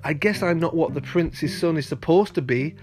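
A man's voice: a little high, moderate pace, darkish tone, soft background music, voice pushed up, close to an everyday voice. A man voicing a timid, eager young male fawn who whines and pleads. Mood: ashamed. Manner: whiny and pleading.

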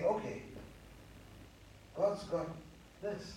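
High-voiced preacher in an echoey hall. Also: male voice, expressive, normal speed, dark tone, distant mic, a little hiss or hum. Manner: earnest, repetitive, stammering restarts. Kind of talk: sermon. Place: church hall.

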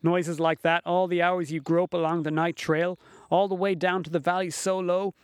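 Male narrator, folksy first-person storyteller, slightly high voice, dry read. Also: level tone, normal speed, clean tone, dry recording.

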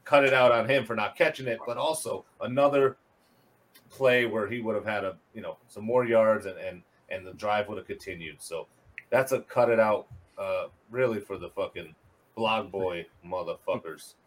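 A man's voice: lowish voice, normal speed. A man hosting a casual sports show, explaining plays, repeating words as he goes and swearing. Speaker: host.

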